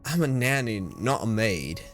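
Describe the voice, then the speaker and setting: A prim young nanny who dodges every question, her voice swinging widely and wobbling in pitch, as a man puts her on. She sounds evasive and a little huffy. Faint music plays behind her. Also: very animated, unhurried. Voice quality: wobbly put-on higher voice.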